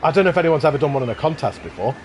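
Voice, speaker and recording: A man's voice: fairly high pitch, animated, racing, slight background noise. A man hosting a casual live stream, touring and praising contest park builds with eager, effusive commentary. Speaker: livestream host touring contest parks.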